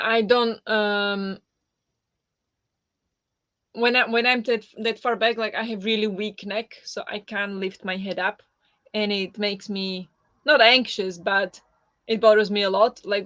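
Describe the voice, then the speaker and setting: A woman's voice: mid-range voice, fairly bright tone, no echo, lo-fi sound. A woman hosting a casual livestream chat, talking with lots of fillers and reacting to viewer comments. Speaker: livestream host.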